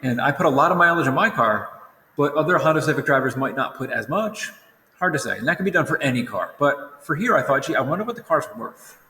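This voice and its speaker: A man's voice: a little high, animated, fast talker, bright, forceful tone, a little hiss or hum. A tired young man teaching a recorded lesson in a casual, rambling way, often correcting himself. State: tired, yawning. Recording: roomy echo with long reverb.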